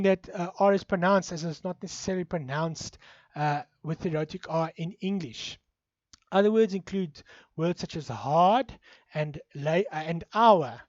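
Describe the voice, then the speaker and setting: A man's voice: a little high, no echo. Afrikaans-accented guy lecturing, lots of uhs and ums, dry muffled recording. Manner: hesitant, many fillers, switching into Afrikaans.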